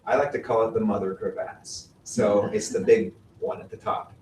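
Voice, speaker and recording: Low-voiced man teaching a class. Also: normal speed, darkish tone. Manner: asks the class questions, explains patiently. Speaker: mountaineering instructor. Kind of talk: classroom lecture with slides. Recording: roomy, distant mic with faint noise.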